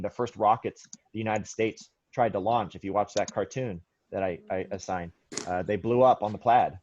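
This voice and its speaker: A man's voice: on the low side, a little fast, darkish tone. A male history teacher lectures in a classroom, restarting sentences and backing up as he goes. He keeps throwing questions out to his students. The recording sounds muffled and lo-fi. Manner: rambling, self-correcting, quizzes students.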